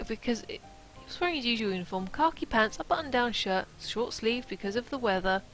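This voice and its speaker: A woman reading a novel aloud on a stream, breaking off for playful, chatty comments of her own. Her voice sits a little high, and soft music plays faintly behind her. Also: brisk, rough recording.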